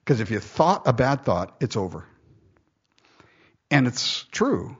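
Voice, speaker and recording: A man's voice: medium pitch, big pitch swings, slow, breathy edge, muffled recording. A man preaching a sermon, reading scripture aloud and breaking off into jokey, conversational asides.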